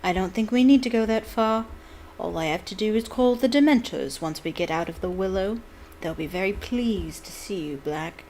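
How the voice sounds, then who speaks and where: A cold, sneering male wizard professor, put on by a woman reading a storybook aloud. He talks in a silky hiss, soft and menacing. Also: mid-range voice, normal speed, close to an everyday voice.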